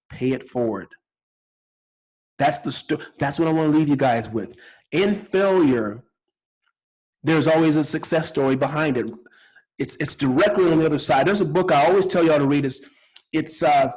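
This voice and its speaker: Man, middle-aged, podcast host, husky voice, earnest storytelling, repeats himself. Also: on the high side, poor audio. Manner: earnest, spiritual, repeats words often. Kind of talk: personal storytelling.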